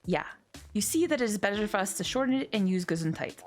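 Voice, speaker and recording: A woman's voice: medium pitch, animated, fast talker, noisy background, lightly acted. A woman voicing a dramatic, self-absorbed middle-aged female cat wife with a fake German accent, reading a story game aloud. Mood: insistent. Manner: dramatic, self-absorbed, rolls out long names.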